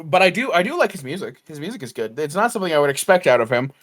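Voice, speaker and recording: A man's voice: fairly high pitch, very animated, very fast, fairly bright tone, no echo. A man co-hosting a casual podcast, laid-back, swearing casually and laughing along, speaking into his own mic over a remote call. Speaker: podcast co-host. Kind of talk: casual chat.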